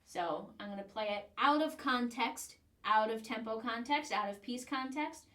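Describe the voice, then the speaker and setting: A woman's voice: a little high, moderate pace, a bit bright, far from the mic. A woman teaching the trombone, walking through the steps of a practice excerpt and now and then singing the rhythms on single syllables. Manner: explains step by step, sings rhythms on syllables. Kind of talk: instructional demonstration. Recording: echoey room, a bit off mic.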